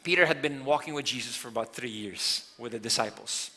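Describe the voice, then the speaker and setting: A man, a pastor, preaching a sermon earnestly. He swings between loud emphasis and quiet, softer lines. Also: medium pitch, fairly quick.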